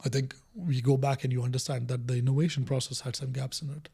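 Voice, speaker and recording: A middle-aged man, an innovation director appearing as a guest in an interview, talks quickly in a mid-range voice that's creaky and husky. He's an animated storyteller, walking through a story and acting out the quoted lines.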